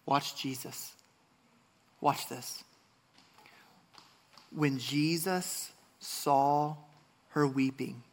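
Male pastor, fairly high bright voice, earnest sermon delivery. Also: vocal fry. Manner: earnest, restarts often, rises to passionate emphasis.

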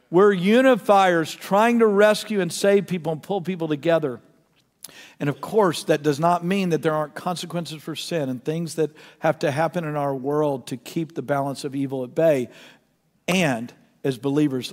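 Middle-aged male pastor, impassioned preacher with a higher voice, echoing sanctuary. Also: moderate pace. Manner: impassioned, storytelling, drops to hushed tones. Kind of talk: sermon. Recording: long reverb of a church hall.

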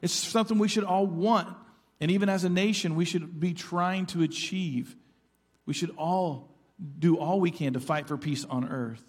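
A man's voice: on the high side, breathy edge. A middle-aged man preaching a sermon as pastor, earnest and conversational, with asides to the congregation. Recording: church sanctuary with long reverb.

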